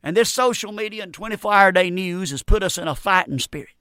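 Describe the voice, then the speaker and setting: A man's voice: high-pitched, fast, pushed and bright, clean tone, no echo, clean studio sound. A middle-aged man preaching a radio sermon, fervent and repetitive, often adding amen.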